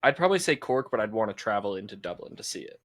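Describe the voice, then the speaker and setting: A man's voice: lowish voice, sing-song, fast talker, fairly bright tone. A man co-hosting a podcast in casual chat, laughing often and restarting his sentences. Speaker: podcast co-host.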